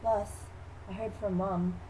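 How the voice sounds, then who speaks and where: A woman's voice: mid-range voice, fairly even intonation, slow, dark tone, a little hiss or hum, lightly acted, low-quality recording. A teenage girl voicing a dreamy, childlike young sister in a school skit, in a whimsical, sing-song voice. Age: teens.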